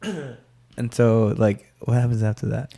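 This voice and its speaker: A man's voice: medium pitch, slow, vocal fry, warm tone, slightly rough. A man co-hosting a podcast, casually retelling movie scenes, laughing often and acting out lines. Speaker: podcast co-host. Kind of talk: casual movie recap chat.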